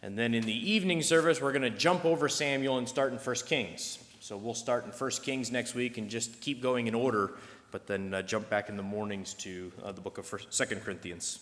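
Male pastor, mid-pitched, reads scripture then preaches; church reverb. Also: steady tone, fairly quick, fairly bright tone. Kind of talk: sermon with scripture reading. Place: church sanctuary.

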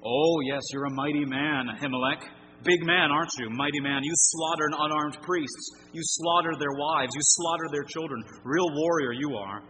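Sarcastic, scornful old king, jeering loudly at a bully with biting mockery, as a man acting in a sermon puts him on. His bright, ringing voice carries a long hall echo. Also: on the high side, normal speed, slight background noise, voice pushed up. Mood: mocking. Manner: loud mocking sarcasm. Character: scornful ancient king taunting a brute. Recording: reverberant hall.

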